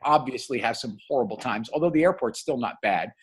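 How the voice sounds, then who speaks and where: An older man from New Jersey co-hosting a casual talk show, animated and rambling, often tagging his points with "okay?". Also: medium pitch, a little fast, slightly rough. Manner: animated, digressive, tags remarks with "okay?". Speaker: podcast co-host. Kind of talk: casual chat.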